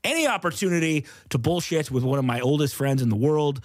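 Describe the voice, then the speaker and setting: A man's voice: on the high side, expressive, brisk, dry recording. A man hosting a comedy podcast in casual chat, joking crudely and swearing a lot. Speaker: podcast host.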